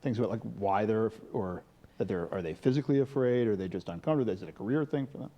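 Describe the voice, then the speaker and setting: A man's voice: lowish voice, expressive, very fast, lo-fi sound. A man on a panel, telling anecdotes in a scholarly way. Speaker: author, panelist. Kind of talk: panel conversation.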